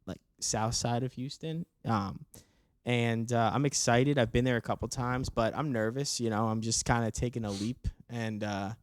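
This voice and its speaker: A man's voice: medium pitch, fairly even intonation, normal speed, smooth, no echo, clean studio sound. A man with a Staten Island accent, a podcast guest in casual chat, easygoing and agreeable. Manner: easygoing, agreeable, short replies.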